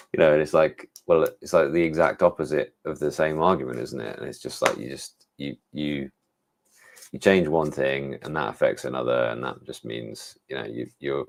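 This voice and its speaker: An English-accented tech reviewer hosts a casual livestream about gadgets, rambling and thinking aloud with many restarts and fillers. His voice is a rumbling low, creaky, and darkish.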